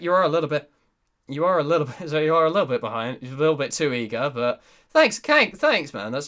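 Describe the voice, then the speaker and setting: A man's voice: fairly high pitch, a bit bright. A young man, hosting a casual livestream Q&A, reading chat and rambling with frequent giggles. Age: young adult. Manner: giggly, rambling, restarts sentences often. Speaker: YouTuber and voice actor hosting a Q&A.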